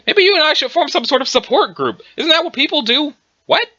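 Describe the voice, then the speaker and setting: A man voicing a hungover, sarcastic young alien girl, with a drowsy, pained, slow whine. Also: very high-pitched, very animated, sharp tone, highs cut off, voice pushed up, full character voice. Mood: groggy.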